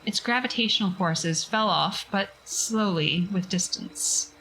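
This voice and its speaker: A woman's voice: mid-range voice, a little slow, fairly bright tone, slight background noise, low-quality recording. A woman reading a science fiction story aloud on a casual livestream, breaking off for chatty, self-mocking asides.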